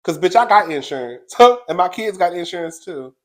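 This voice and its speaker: A man's voice: sits high, lively intonation, moderate pace. A man hosting a reality TV recap, talking in a brash, sassy, profane way and laughing often as he gossips. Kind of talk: casual gossip commentary.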